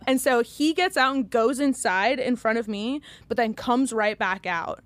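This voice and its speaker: A woman's voice: a little high, expressive, unhurried, a bit bright, no room sound. A young woman co-hosting a podcast, telling a story in casual chat and acting out the quotes, swearing freely. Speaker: podcast co-host.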